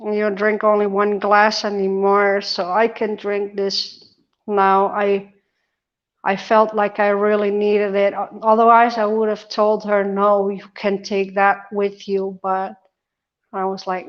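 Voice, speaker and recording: A woman's voice: mid-range voice, monotone, takes it slowly, lo-fi sound. A woman talking casually to her phone camera from a hospital ward, chatty and emotional. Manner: chatty, emotional, tearful at times. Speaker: vlogger. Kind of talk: casual hospital-bed vlog. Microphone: phone held close.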